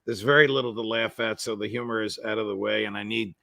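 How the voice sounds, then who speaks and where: A man hosting an interview show, asking his guest measured, courteous questions. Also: fairly low pitch, steady tone, vocal fry, pushed and bright, no echo, studio quality. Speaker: show host. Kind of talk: remote interview.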